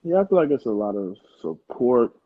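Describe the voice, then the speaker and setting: Husky laid-back young man from Mississippi. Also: mid-range voice, big pitch swings, brisk, phone-quality sound. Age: 20s. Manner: laid-back, loose, lots of "you know what I'm saying". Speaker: rapper guest. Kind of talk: casual interview chat.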